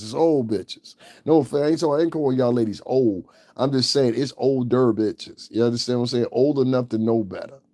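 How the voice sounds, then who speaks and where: A man's voice: medium pitch, mellow, dry recording. A man hosting his own channel, giving blunt, profane and scornful commentary. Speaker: channel host. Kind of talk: ranting livestream commentary.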